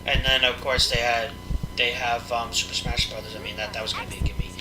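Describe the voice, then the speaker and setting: Male co-host, average pitch, easygoing game talk, clear game music behind. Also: flat delivery, fairly quick, low-quality recording. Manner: chatty, talks game news, uses fillers. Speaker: co-host friend in a gameplay video. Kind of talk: casual gaming chat.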